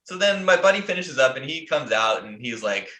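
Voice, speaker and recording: A man's voice: mid-range voice, expressive, a little fast, bright, forceful tone. An American man telling a long story on a podcast in a casual, profane way, rambling with lots of fillers. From United States. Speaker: podcast host. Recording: roomy echo.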